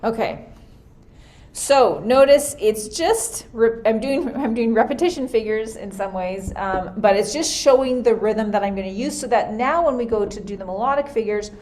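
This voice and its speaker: A woman's voice: a little high, moderate pace, darkish tone. Woman music teacher, casual think-aloud lesson, computer mic. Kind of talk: screen-recorded lesson. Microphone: computer mic for a screen recording.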